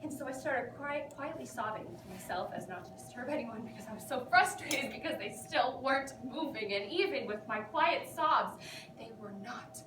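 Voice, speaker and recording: An actress performing a self-absorbed, nervous young woman who rambles dramatically to her therapist, high in pitch and breaking into giggles. She sounds far from the mic in an echoey room, with noise clearly audible behind her. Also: lively intonation, normal speed. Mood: rambling. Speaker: actor performing a monologue. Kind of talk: theatrical comic monologue.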